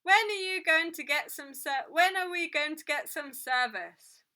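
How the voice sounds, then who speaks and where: Impatient grown-ups in a queue, put on by a woman reader call out indignantly and loudly. The storybook voices are high, bright and sharp, full of grumbling. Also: unhurried. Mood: irate. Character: irate impatient adult customers in a queue.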